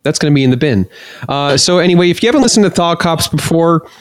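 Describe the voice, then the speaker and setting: A man's voice: a little high, expressive, fast, dry recording. Joking male podcast host, dry sound. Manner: jokey, reads news items aloud with many fillers. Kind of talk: casual comedy podcast chat.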